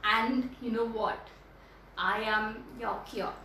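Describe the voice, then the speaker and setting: A woman's voice: a little high, steady tone, takes it slowly, very echoey, far from the mic, noisy background, voice pushed down. Woman doing a smug, bragging garlic. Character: boastful garlic bragging it cures people.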